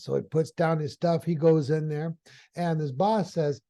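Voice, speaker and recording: A man teaching through an animated, folksy story as a hypnotherapy trainer. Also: on the high side, measured pace, creaky. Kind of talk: storytelling lesson.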